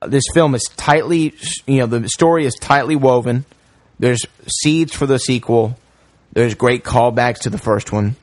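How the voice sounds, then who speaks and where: A man leading a casual film podcast, retelling scenes with animated energy and frequent um and uh. His voice sits at a middle pitch. The sound is dry and close. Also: measured pace, no room sound. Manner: animated retelling, many fillers. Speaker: podcast host. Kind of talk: casual film review chat.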